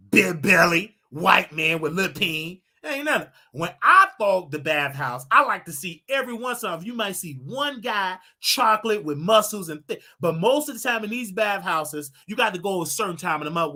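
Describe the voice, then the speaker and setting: A male livestream host talking casually with a bright, forceful tone. His delivery swoops widely in pitch, preaching to his listeners and breaking into laughing asides.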